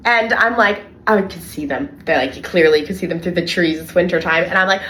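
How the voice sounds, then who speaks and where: A young adult woman, co-hosting a casual podcast and telling animated stories from her childcare work with lots of "like". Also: lowish voice, a little fast. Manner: animated storyteller, heavy filler "like". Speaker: podcast co-host and childcare worker.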